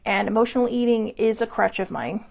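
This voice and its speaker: A woman's voice: on the high side, a little fast, gravelly, darkish tone. A woman hosting a personal mental health talk, speaking in a candid, confessional way. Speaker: host.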